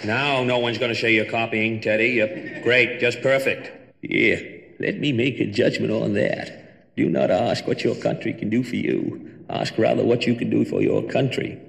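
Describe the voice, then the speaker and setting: Brief: a dry Boston-accented president, halting delivery, bright tone, reverb from a live room. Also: male voice, medium pitch, fairly even intonation, creaky. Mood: wry. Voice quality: clipped, halting with drawn-out ums. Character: folksy middle-aged male president, dry and self-assured. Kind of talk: 1960s comedy album sketch. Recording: reverberant live comedy record.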